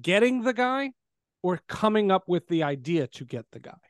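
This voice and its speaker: A man's voice: sits high, very animated, moderate pace, dry recording, clean studio sound. A man hosting an interview, chiming in with short questions. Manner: brief interjections and follow-up questions. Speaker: podcast host. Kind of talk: casual interview.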